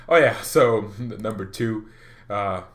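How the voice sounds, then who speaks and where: A young man hosting a casual football fan vlog, excitable and animated, laughing often as he ranks players. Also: on the low side, slow pace. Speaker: football channel host.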